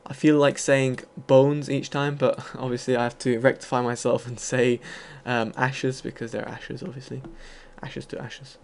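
A man's voice: mid-range voice, little pitch movement, moderate pace, vocal fry, few pauses, a little mellow. A man giving loose, rambling commentary over his own gameplay, full of fillers and the odd casual swear. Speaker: gaming video host.

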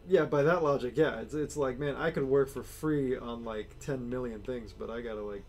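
A man's voice: mid-range voice, moderate pace, a little mellow. A man chatting casually and rambling as he draws, with lots of fillers. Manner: rambling, filler-heavy, laid-back. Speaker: artist sketching on stream. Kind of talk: casual chat while drawing.

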